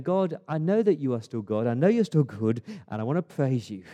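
A man preaching a sermon as pastor, rising to emphatic lists of praise and easing into quiet prayer. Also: mid-range voice, sing-song, a little fast, hardly any pauses. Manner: builds to emphatic praise, then drops to a soft prayer.

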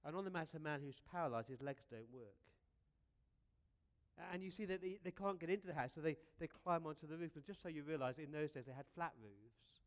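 Male preacher, slightly high voice, animated storyteller, chatty, rhetorical questions. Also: brisk. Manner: lively, conversational, repeats words, rhetorical questions. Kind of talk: storytelling sermon.

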